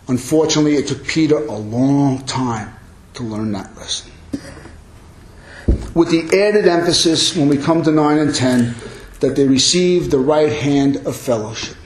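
A man preaching a sermon as pastor, forceful and emphatic, rising sharply on his strong points. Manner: forceful, emphatic preaching with big pitch swings. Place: church. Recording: echoey church hall.

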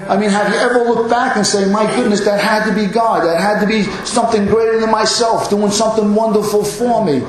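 A man's voice: sits high, steady tone, brisk, few pauses. A man in his fifties preaching a sermon in a church, earnest and emphatic, driving points home by repeating phrases. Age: 50s. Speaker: pastor. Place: church hall. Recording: very echoey room.

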